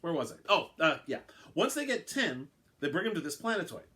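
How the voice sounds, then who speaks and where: A brash, bossy alien announcer, put on by a man reading aloud, pitched up above his usual voice. He rattles off rules impatiently and sounds irritated by questions. His delivery rises and falls in a lively way. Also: a little fast. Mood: flippant. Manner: flippant, impatient, chatty. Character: brash, sarcastic male alien game announcer.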